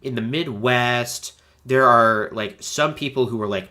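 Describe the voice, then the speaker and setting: A man in his thirties from the United States with a stuffy nose, hosting a chatty, animated livestream. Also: mid-range voice, unhurried. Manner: chatty and animated, many fillers. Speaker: host. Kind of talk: casual livestream chat.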